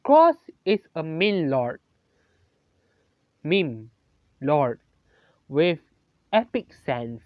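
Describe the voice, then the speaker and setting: Halting improvised story narrator, self-correcting, dry dull lo-fi home recording. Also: mid-range voice, sing-song, no room sound. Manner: halting, correcting itself mid-sentence.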